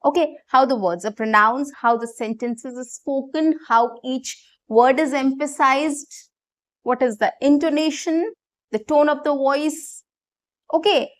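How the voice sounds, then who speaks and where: A woman with a high voice gives an online English lesson. She explains things step by step and keeps checking in with her viewers by asking "right?" and saying "okay". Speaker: English teacher.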